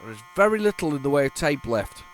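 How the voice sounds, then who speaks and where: A man's voice: fairly high pitch, sing-song, fast talker. A man talks his way through an old computer game in loose, rambling commentary, repeating and restarting his words as he goes. His nose is stuffed up and congested. A faint hiss of noise sits under his voice. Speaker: retro gaming channel host. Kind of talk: casual gameplay commentary.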